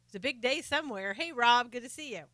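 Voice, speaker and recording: A woman's voice: a little high, expressive, quick pace, sharp tone, no room sound. A middle-aged woman hosting a live stream, chatting casually and sarcastically about politics while greeting viewers by name.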